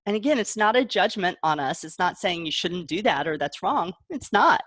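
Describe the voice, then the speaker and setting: Middle-aged woman, parent coach, lowish voice, dry close sound, chatty and laughing. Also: expressive, normal speed, no room sound. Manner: warm chatty explaining, acts out kid voices, laughs often. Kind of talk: casual advice talk.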